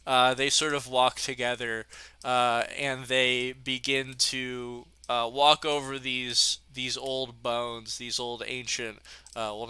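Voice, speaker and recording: Young man, game master, unhurried, filler-heavy, dry close sound. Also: mid-range voice, sharp tone, clean tone, no room sound. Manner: loose, filler-heavy narration. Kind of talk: narrating a tabletop game.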